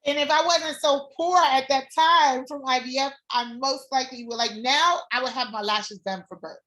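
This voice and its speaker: Candid bright-voiced woman guest. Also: high voice, normal speed. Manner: animated, candid, swears freely, repeats herself. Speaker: former doula client, guest. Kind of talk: personal storytelling in casual chat.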